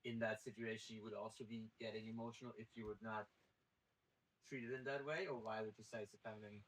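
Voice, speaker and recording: Fast, flat-voiced man asking a question. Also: lowish voice, low-quality recording. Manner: hesitant, searching for words. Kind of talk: casual podcast conversation.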